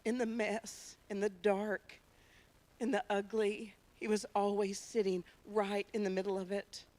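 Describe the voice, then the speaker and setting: A woman from Tennessee, a ministry founder giving a lively, emphatic testimony in a church. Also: mid-range voice, unhurried. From Tennessee, USA. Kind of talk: personal testimony talk. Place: church sanctuary.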